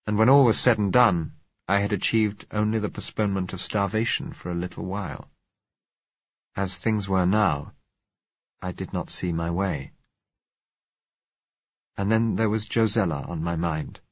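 A man narrating a novel in the first person, measured and reflective. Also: low-pitched, dry recording, muffled recording. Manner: measured, reflective, rising in heated dialogue. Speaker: audiobook narrator.

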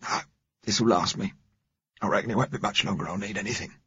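A man's voice: fairly low pitch, brisk, pushed and bright, husky, pitched above the performer's own voice, full character voice. Man doing a dying workman. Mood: resigned. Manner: coarse, slangy, blunt. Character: dying rough-spoken London working man. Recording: dull, muffled recording.

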